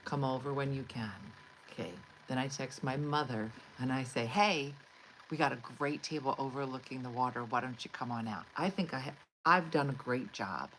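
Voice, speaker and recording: A middle-aged woman, a comedian, telling an exasperated, animated story to her livestream audience and acting out the quotes. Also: extremely low pitch, normal speed, slight background noise, low-quality recording. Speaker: comedian host. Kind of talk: storytelling monologue.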